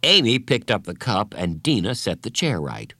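Give me an expressive male storyteller for a children's book, lively and animated, with a very dry sound that keeps him close to the listener. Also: lowish voice, normal speed, slightly rough, dry recording. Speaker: narrator. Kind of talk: reading a children's story aloud.

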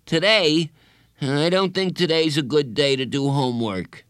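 A man's voice: a little high, big pitch swings, normal speed, pushed and bright, no echo, studio quality, pitched above the performer's own voice. A man voicing a grumpy, defiant young schoolboy who talks in a sulky, bossy way. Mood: reluctant.

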